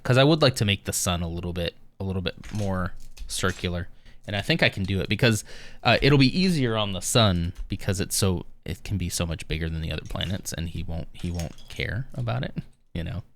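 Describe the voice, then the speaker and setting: Low-voiced laid-back male streamer. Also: expressive, a little fast, a bit bright. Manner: easygoing, rambling with many fillers. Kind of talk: casual live-stream chat.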